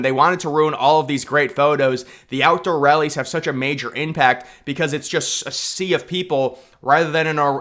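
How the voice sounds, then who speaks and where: A man's voice: a little high, a bit bright. A man giving a casual, rambling political commentary rant, sarcastic and full of repeats and restarts.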